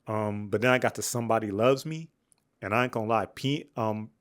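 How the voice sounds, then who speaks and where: A young man giving a candid, slangy album review, rambling with fillers and restarts, dropping to low mutters and jumping up when excited. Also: brisk. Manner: swings between flat mutters and excited highs. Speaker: music reviewer. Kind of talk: casual album review monologue.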